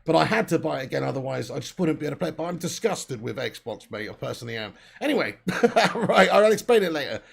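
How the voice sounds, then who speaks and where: A man's voice: on the high side, animated, quick pace, vocal fry, husky. A man hosting a casual live stream, bantering, laughing and reading out viewers' names. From England. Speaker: host of a fan channel live stream.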